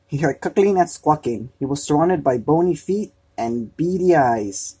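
A man gently reading a children's storybook aloud, unhurried. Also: on the high side, expressive, slightly rough.

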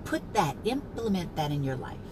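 A woman life coach hosting a casual live stream, chatting, laughing often and greeting viewers by name, then turning slow and emphatic to make a point. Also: lowish voice, big pitch swings, background noise. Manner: turns slow and emphatic when teaching.

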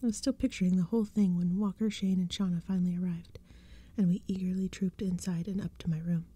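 A woman giving a hushed, gentle narration in a soft-spoken ASMR reading of a spooky storybook. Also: fairly low pitch, fairly even intonation, quick pace, husky.

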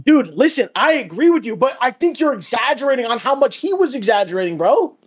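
A man's voice: very high-pitched, sing-song, quick pace. A man as a guest in a casual chat over a call, laid-back and teasing, full of dude and bro.

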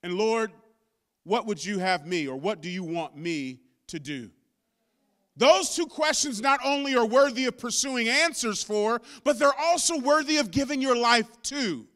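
A man pastor preaching a sermon with impassioned delivery that climbs into shouts. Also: very high voice, normal speed. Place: church sanctuary.

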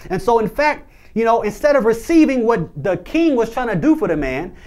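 A man's voice: extremely high pitch, expressive, moderate pace, a little mellow. A young man preaching a sermon as a minister, conversational, with frequent restarts and asides.

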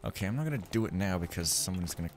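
A man's voice: sits low, expressive, racing, music in the background. A man giving chatty, jokey commentary while playing a game, full of wandering asides. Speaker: gaming video host. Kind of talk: let's play commentary.

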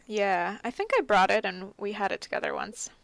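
A woman's voice: mid-range voice, brisk, creaky, fairly bright tone. A young adult woman co-hosting a casual book podcast, laid-back and giggly, with plenty of fillers. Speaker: podcast co-host.

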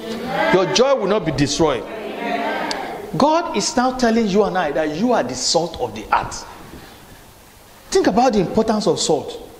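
Man preaching in a big echoey hall, keeps repeating himself and asking are you with me, faint hum behind. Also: sits high. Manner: repetitive, call-and-response preaching with restarts. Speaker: pastor. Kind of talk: sermon. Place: church hall.

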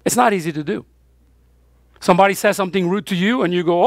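Woman pastor, sermon delivery, gravelly texture, question-and-answer emphasis, dry close sound. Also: lowish voice, fast talker, no room sound. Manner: emphatic call-and-response questions. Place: church.

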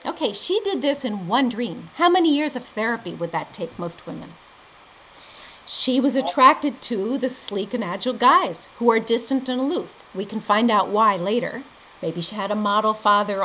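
Lively woman lecturing on dreams, plays out the back-and-forth, kinda muffled lo-fi recording. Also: mid-range voice, normal speed. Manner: animated storytelling, quoting both sides of a conversation. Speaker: dream interpretation teacher. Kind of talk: lively lecture with acted-out dialogue. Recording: dull lo-fi lecture recording with faint noise.

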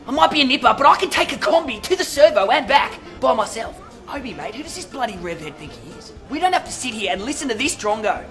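A woman's voice: fairly high pitch, very animated, fast talker, a bit bright. A woman voicing a cheeky young farm lad with a broad Australian accent, mouthy and indignant. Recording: music behind the voice.

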